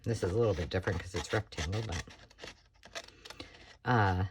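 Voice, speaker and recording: A middle-aged American woman with a slightly hoarse voice, chatting casually while making a craft project. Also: a bass voice, normal speed, background noise. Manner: chatty, rambling, self-talk while working. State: slightly hoarse, frog in throat. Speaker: crafting tutorial host. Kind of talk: casual craft tutorial chat.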